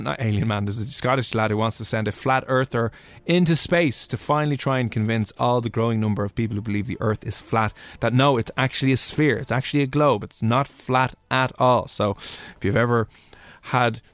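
A young Irish man with a Dublin accent and a medium-pitched voice hosts a radio show full of casual, jokey, rambling chat. The recording has no room sound.

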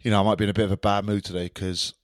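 Rambling low-voiced man. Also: level tone, racing, dry recording, clean studio sound. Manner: rambling, self-deprecating, many fillers. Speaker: podcast co-host. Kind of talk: casual chat.

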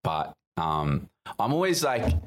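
A young man with a fairly low voice hosts the chat at an easy pace. He asks questions and swaps stories in a relaxed, conversational way. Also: takes it slowly. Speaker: podcast host. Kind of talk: casual chat.

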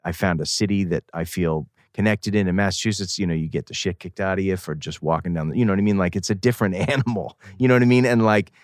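A middle-aged man from New England, a guest musician, telling rambling, animated stories full of self-corrections. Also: low voice, fast talker, hardly any pauses, dry recording, studio quality. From New England, outside Boston. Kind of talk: casual interview talk.

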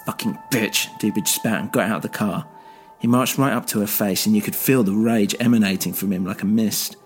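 Guy narrating a story in first person, steady and low, faint music behind. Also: a little fast.

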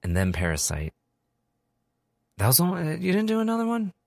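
A man co-hosting a podcast in casual chat, an animated storyteller who acts out his friends' lines. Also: high-pitched, fairly quick, creaky. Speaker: podcast co-host.

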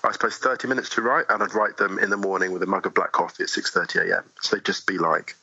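A man talking as a podcast guest, animated and chatty with many asides, in a dull lo-fi remote recording. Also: low-pitched, quick pace, slightly rough, dry recording. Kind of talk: casual interview conversation.

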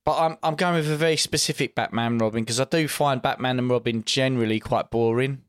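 A man co-hosting a podcast in casual chat, rambling and halting with many restarts. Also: mid-range voice, clean tone, no room sound, clean studio sound. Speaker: podcast co-host.

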